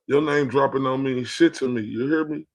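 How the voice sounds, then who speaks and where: A man's voice: mid-range voice, moderate pace. A man from Texas, livestreaming a profane, confrontational reaction rant. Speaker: streamer reacting to clips.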